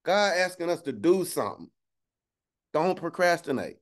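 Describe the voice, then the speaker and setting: A man's voice: on the high side, sing-song, moderate pace. A man preaching a casual livestreamed sermon, conversational and slangy, with joking asides and a constant "right?" to his listeners. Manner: conversational, keeps asking "right?".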